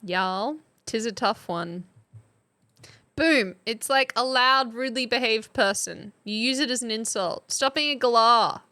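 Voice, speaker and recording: Filling in as a substitute streamer, an Australian woman chats casually on a live stream, quizzing her chat like a teacher. Her voice sits on the high side, bright and pushed, and she takes her time.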